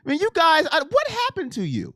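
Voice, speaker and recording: A man hosting a sports livestream, chatting excitedly and directly with his viewers. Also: very high-pitched, a little fast, no room sound, clean studio sound. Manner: excitable, talks straight to chat. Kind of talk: casual live-stream chat with viewers.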